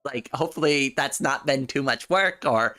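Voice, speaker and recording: Bright-voiced, chatty woman streamer. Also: a bass voice, moderate pace. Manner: chatty, giggly, talks straight to chat and repeats words while thinking. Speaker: livestreamer. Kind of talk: casual livestream chat.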